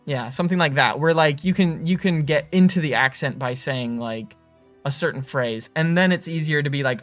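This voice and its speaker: A young man with a fairly high voice chats on a livestream, loose and playful, filling his sentences with fillers and quick laughs. Soft music plays faintly underneath. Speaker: livestream host. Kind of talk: casual livestream chat.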